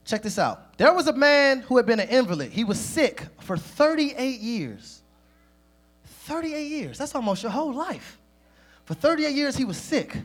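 Male preacher, sermon delivery, very animated pitch, slightly husky, speaks straight to the congregation. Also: normal speed. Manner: lively, addresses the congregation directly.

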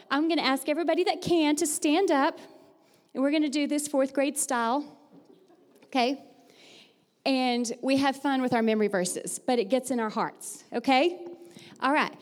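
A woman with a high voice speaks in a bright teacher voice, upbeat and chatty, laughing easily as she leads a church group. Her words ring out with a long reverb off the hall. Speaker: fourth-grade teacher giving a church talk. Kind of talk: lively church devotional with audience participation.

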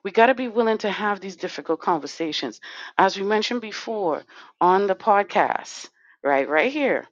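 A woman's voice: medium pitch, lively intonation, normal speed, no echo, highs cut off. A woman delivering an impassioned, confrontational podcast monologue as an organizer. She is blunt, swears freely and speaks straight to her listeners. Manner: talks straight to the chat audience. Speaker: podcast co-host and community organizer.

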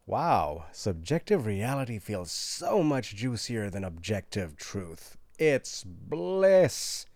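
A man delivering a sarcastic comedy monologue, swinging between loud outbursts and hushed asides. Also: fairly low pitch, very animated, slow, no room sound.

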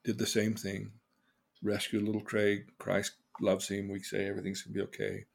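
An older man, a podcast host, earnestly telling personal stories, his voice swinging between loud and hushed. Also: on the low side, monotone, normal speed, creaky. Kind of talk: personal storytelling.

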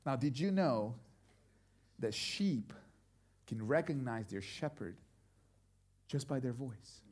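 A middle-aged male pastor preaching a sermon, telling a story and moving from quiet, intimate passages to loud, emphatic ones. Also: medium pitch, lively intonation, slow.

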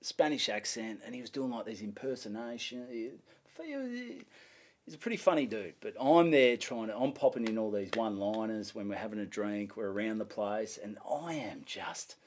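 A young Australian man, a comedian, telling a story in a casual interview. He swears freely and acts out what people said in a louder voice. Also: lowish voice, normal speed. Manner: animated, swears freely, acts out his own lines in a louder voice. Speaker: comedian guest.

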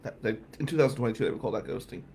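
A man telling a comic story in an animated, profane, incredulous way. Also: mid-range voice, very fast, gravelly, slight background noise. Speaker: stand-up comedian.

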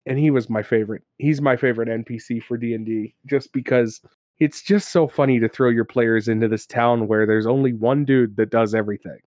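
A man co-hosting a casual chat about tabletop games, an animated storyteller who laughs often and acts out characters. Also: medium pitch, fairly quick, no echo, clean studio sound. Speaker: podcast co-host and game master.

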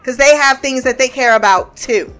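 A woman casually recapping a TV episode, animated and profane, acting out the characters' lines. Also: high-pitched, moderate pace, faint music behind.

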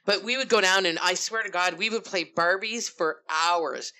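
A woman's voice: lowish voice, normal speed, sharp tone. A woman on a podcast telling funny childhood stories in casual chat, swearing and laughing as she goes. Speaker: podcast co-host.

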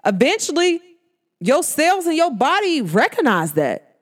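A woman with a New York and New Jersey accent hosting a podcast, talking in a casual solo monologue, emphatic and slangy, with big swings in pitch. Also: big pitch swings, a little slow. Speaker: podcast host.

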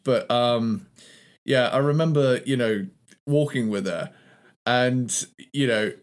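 A man's voice: medium pitch, slow, smooth. A man with a light Cornish accent chats on a podcast about music and life. He tells rambling stories with plenty of laughs and the odd swear word. His tone is loose and easygoing. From England. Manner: laughing, swearing, tangent storytelling. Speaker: podcast co-host. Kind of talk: casual chat.

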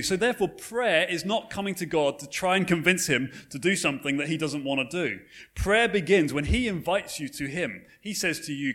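A male pastor giving a sermon, telling a story in a relaxed, conversational way. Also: on the high side, brisk. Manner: conversational storytelling with frequent fillers and restarts.

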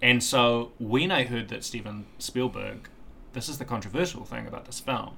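A young man co-hosts a film podcast in a relaxed, joking way. His voice is bright and has a gravelly rasp, and he likes to turn to the listener with mock-dramatic asides. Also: mid-range voice, normal speed, slight background noise. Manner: playful, theatrical asides to the listener. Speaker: podcast co-host. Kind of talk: casual chat.

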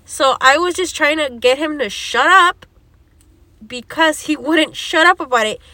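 A woman's voice: sits high, measured pace, pushed and bright, no echo. A young woman, telling a story in casual chat, acting out quoted lines and swearing often. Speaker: podcast co-host.

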